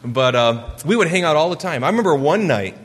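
A man in his forties from Michigan telling a personal story during a sermon, earnest and lively. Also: on the high side, a little fast, husky. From Michigan, USA. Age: 40s. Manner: earnest storytelling, gets lively acting out quotes. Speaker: preacher. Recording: long hall reverb.

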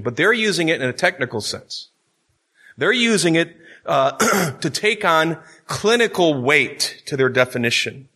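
A man's voice: medium pitch, a bit bright. A man teaching a Bible class from notes, talking conversationally and with emphasis, often checking in with his listeners.

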